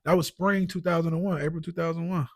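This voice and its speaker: A man telling his own story as a podcast guest, animated and emotional, full of "like" and "you know what I'm saying". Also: on the high side, fast talker, no room sound. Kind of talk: casual storytelling.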